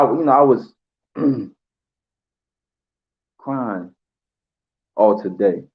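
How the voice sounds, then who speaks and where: A man giving an emotional tribute, halting with pauses and fillers as he holds back tears. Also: lowish voice, highs cut off. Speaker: channel host.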